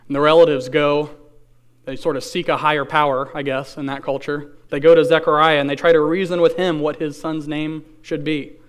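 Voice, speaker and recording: A man preaching a sermon, reading scripture aloud and then explaining it in an earnest, conversational way, with rhetorical questions and slow, stressed key phrases. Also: fairly high pitch, flat delivery, smooth. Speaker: pastor.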